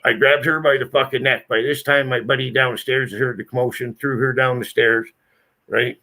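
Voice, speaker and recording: Gravelly guy spinning a yarn, swears a lot, bright edgy tone. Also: medium pitch, steady tone, normal speed. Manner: profane, blunt, emphatic. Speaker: channel host telling a story. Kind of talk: casual storytelling.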